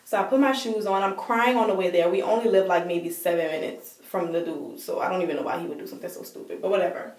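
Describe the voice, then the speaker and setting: Animated woman telling a story, roomy sound. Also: fairly low pitch, quick pace, hardly any pauses, recorded from a distance. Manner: animated, acts out quoted dialogue, many "like" fillers. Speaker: storytime vlogger. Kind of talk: casual storytelling. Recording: roomy echo, voice set back from the mic.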